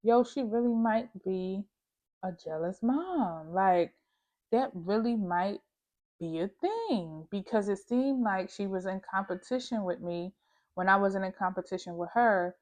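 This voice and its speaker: A woman's voice: mid-range voice, expressive, unhurried, darkish tone. A woman vlogger telling a personal story in a candid, slangy, emphatic way, talking straight to the viewer. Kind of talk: casual storytime monologue.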